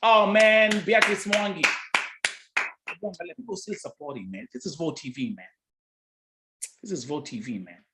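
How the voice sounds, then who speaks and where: A man's voice: sits high, unhurried, long pauses, pushed and bright. A man with a Kenyan accent hosting a live stream, chatting casually and teasing his viewers. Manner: teasing, playful, bantering.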